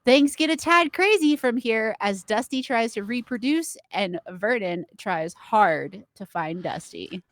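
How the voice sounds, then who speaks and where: A woman co-hosting a horror movie podcast in casual chat, swearing freely, quick to apologize and laugh at herself. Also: fairly high pitch, animated, no echo. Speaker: podcast co-host.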